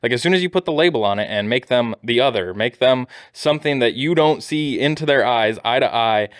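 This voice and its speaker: Smooth-voiced man making his point. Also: mid-range voice, expressive, a bit bright, dry recording, clean studio sound. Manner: emphatic, profane, fast when making a point. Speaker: podcast co-host. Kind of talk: casual podcast chat.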